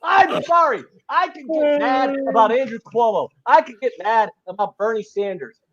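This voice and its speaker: A man co-hosting a casual podcast, ranting with heated profanity and shouting. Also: very high voice, normal speed. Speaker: podcast co-host. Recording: muffled lo-fi audio.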